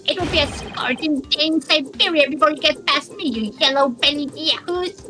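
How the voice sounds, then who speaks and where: A woman's voice: high-pitched, normal speed, pitched above the performer's own voice, close to an everyday voice. A woman voicing a bossy male drill-sergeant drone in a fan voice-over of a game, barking insults and orders. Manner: gruff military barking, insulting.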